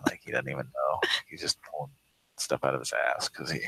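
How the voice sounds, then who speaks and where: Deep-voiced man in loose profane banter. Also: fairly even intonation, a little fast, gravelly, pushed and bright, husky, dry recording, rough recording. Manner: rambling, profane, laughs often. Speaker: prank call show host. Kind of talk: casual live-show banter.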